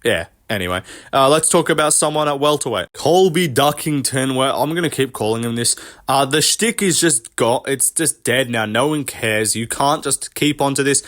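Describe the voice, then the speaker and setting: A man's voice: mid-range voice, normal speed, a bit bright. Profane, rambling male vlogger. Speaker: MMA commentary vlogger. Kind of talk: casual commentary rant.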